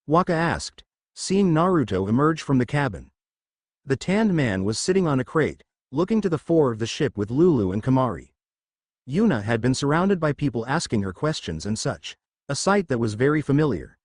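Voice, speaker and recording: A man's voice: mid-range voice, big pitch swings, normal speed, dry recording. Man narrating a story in a dry sound. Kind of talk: storybook reading of fan fiction.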